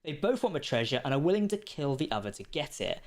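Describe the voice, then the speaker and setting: A man's voice: fairly high pitch, big pitch swings, fast. Chatty man hosting a game stream. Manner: chatty, laughs often. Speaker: community manager hosting a livestream. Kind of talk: casual game livestream commentary.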